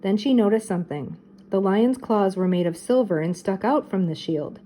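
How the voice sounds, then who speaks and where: An older woman, a teacher, reading a children's mystery book aloud with steady, expressive narration. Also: medium pitch, moderate pace, slight background noise, low-quality recording.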